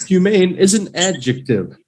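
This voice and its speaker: A man teaching English vocabulary in a live online lesson, drilling each word slowly and cheering learners on playfully. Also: sits high, a little mellow, low-quality recording.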